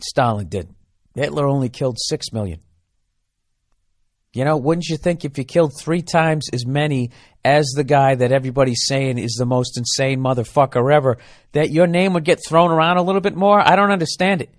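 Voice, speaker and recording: A man's voice: medium pitch, fairly quick, dry recording. A man hosting a podcast, riffing in a rambling, profane, self-mocking comedic monologue. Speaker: podcast host.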